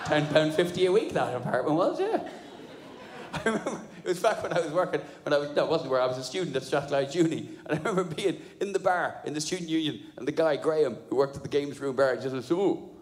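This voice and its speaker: A male stand-up comic, slightly high-voiced and fast-talking, tells animated, sardonic stories laced with swearing. He's on a stage mic in a live comedy room that echoes and carries audience noise.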